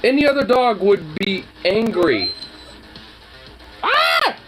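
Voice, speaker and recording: A dog owner talks to their pet in playful, teasing baby talk, with swearing and laughter mixed in. The voice leaps and dips over a very wide pitch range and moves slowly, with faint music in the background. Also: very animated, low-quality recording.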